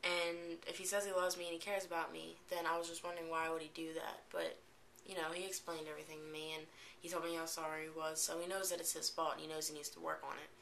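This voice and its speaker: A woman's voice: sits low, flat delivery, fast talker, creaky, a bit bright, a little hiss or hum. A teenage girl vlogging at home, retelling an upsetting day in an emotional, rambling way, on a webcam mic. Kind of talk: casual vlog storytelling.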